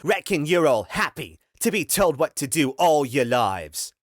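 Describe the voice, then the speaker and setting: Man doing a fierce young woman fighter, foul-mouthed, shouting, rough, scornful, raised pitch. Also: big pitch swings, measured pace, dry recording, studio quality.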